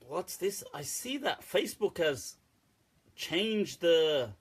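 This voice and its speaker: Laughing, teasing man with a husky voice. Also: on the high side, very animated, takes it slowly. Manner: laughs a lot, joking and teasing. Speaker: host of a live Islamic Q&A show. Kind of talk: casual live-stream chat.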